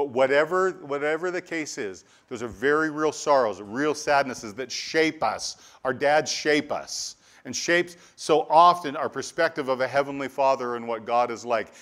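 Man preaching earnestly, often repeating himself. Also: medium pitch. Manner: earnest preaching with repetitions and restarts, animated storytelling asides. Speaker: pastor. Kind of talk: sermon.

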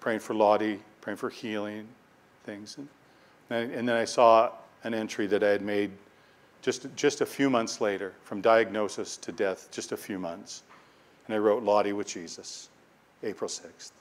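A man's voice: on the low side, fairly even intonation, moderate pace. A male pastor preaching a sermon, reading scripture aloud and stressing key words with swells of force, often repeating himself as he builds a point.

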